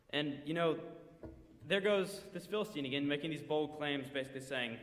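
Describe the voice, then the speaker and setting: A man's voice: fairly high pitch, normal speed, a bit bright. A man speaking in church, retelling a story vividly in the second person with quoted asides, recorded in a church sanctuary. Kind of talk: sermon storytelling. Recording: echoey church hall with long reverb.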